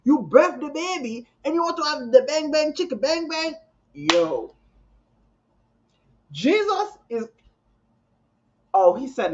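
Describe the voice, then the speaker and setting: A woman's voice: high-pitched, very animated, takes it slowly, long pauses. A woman, reacting live to a clip with laughing, exclaiming, slangy asides. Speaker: reaction streamer. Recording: dull lo-fi audio.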